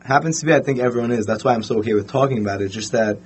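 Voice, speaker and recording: A young man telling a story in a casual podcast chat, animated and full of fillers. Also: mid-range voice, racing, soft background music.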